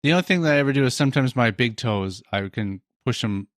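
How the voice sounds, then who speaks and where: A man's voice: medium pitch, expressive, fast, no room sound, clean studio sound. A man co-hosting a podcast in casual chat, joking around and asking curious questions. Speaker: podcast co-host.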